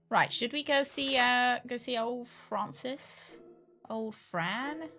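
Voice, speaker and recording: A woman's voice: fairly high pitch, slow pace, sharp tone. Chatty woman streamer reading aloud. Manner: chatty, stumbles and corrects herself mid-sentence. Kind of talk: reading game text aloud with asides.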